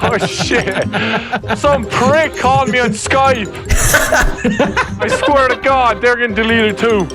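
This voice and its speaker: An Irish man playing a video game with friends, shouting and swearing in casual chat. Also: extremely high pitch, slow. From Ireland. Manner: loud, swearing, yelling and squealing. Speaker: gaming YouTuber. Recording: game music over the voice.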